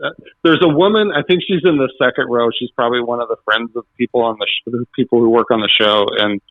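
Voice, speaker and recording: A man's voice: medium pitch, quick pace, no room sound. A man guest on a talk show, telling stories animatedly and acting out the quotes. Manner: animated, acts out quotes with laughs. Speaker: podcast guest. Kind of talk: casual storytelling interview. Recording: dull, dry lo-fi sound.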